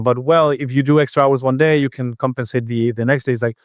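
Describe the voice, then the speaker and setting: A man co-hosts a casual podcast, telling a work story at an ordinary pitch. He stops and restarts often and acts out the other people's lines as he goes. The sound is dry and close. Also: steady tone, dry recording. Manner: storytelling, halting with restarts, acts out quoted voices. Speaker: podcast co-host. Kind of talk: casual chat.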